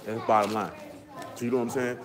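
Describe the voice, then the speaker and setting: A man's voice: mid-range voice, flat delivery, fast talker, crowd noise. A man teaching a Bible study to a small group, coaxing listeners to read before turning emphatic and preachy. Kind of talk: scripture lesson to a small group.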